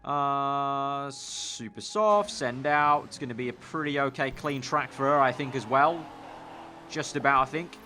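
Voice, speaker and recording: A young man with a Northern English accent talks through a game at an ordinary mid pitch. His chatty commentary sounds like thinking out loud and breaks into excitable bursts. He is recorded on a desk mic. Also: a little slow, slight background noise. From Northern England. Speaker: gaming YouTuber.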